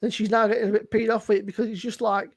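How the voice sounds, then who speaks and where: A man with a gravelly edge to his voice, recorded close and dry. He rambles through casual beer talk, swearing as he goes. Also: sits high, level tone, racing, no echo. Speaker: co-host. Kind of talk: casual chat.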